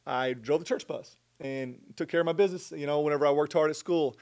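A middle-aged man telling a personal faith story as a guest in conversation, earnest and animated. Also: on the high side, fast talker. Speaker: guest sharing his testimony.

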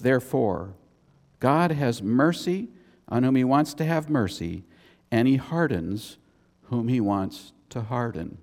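A man's voice: medium pitch, lively intonation, unhurried, darkish tone. A man preaching a sermon as a pastor, conversational, with chatty asides between points. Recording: long reverb of a church hall.

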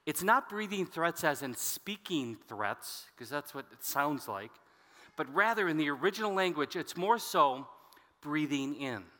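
Reading scripture at a measured, expressive pace, a pastor delivers an expository sermon and turns to his listeners with relaxed asides. His voice, bright, forceful and somewhat high for a man, rings with a large hall's lengthy reverb.

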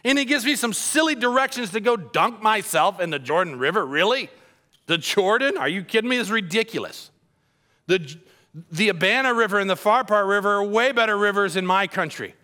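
A man's voice: medium pitch, lively intonation, brisk, fairly bright tone, smooth, in a large hall, voice pushed down, close to an everyday voice. A man voicing a proud foreign army commander who is angry and scoffing. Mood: indignant. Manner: indignant, scoffing.

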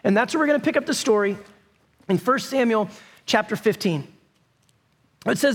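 High-voiced animated male preacher. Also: normal speed, pauses often. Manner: animated storytelling, conversational with bursts of shouting. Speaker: pastor. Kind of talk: sermon.

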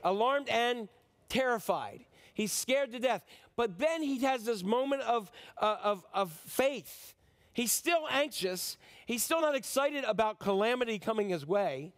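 A pastor giving a conversational sermon, asking the congregation questions and acting out pleading prayers. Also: male voice, expressive, measured pace. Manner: acts out frantic prayers in a higher, pleading voice.

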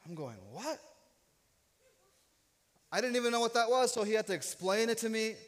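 A pastor in his thirties preaches a sermon in a high voice at a quick pace, telling a personal story with humor and self-deprecating jokes. The church sanctuary gives the recording the long reverb of a church hall.

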